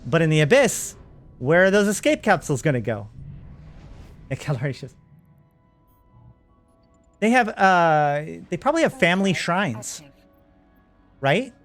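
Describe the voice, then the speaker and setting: A man's voice: on the high side, sing-song, unhurried, long pauses, faint music behind. A man hosting a live stream, chatting casually and rambling while he talks to his viewers. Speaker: streamer and host.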